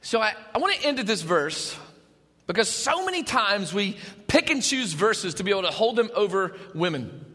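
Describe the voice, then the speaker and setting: A man preaching a sermon as pastor, animated, shouting at times and dropping to a hush. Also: high-pitched, long reverb tail.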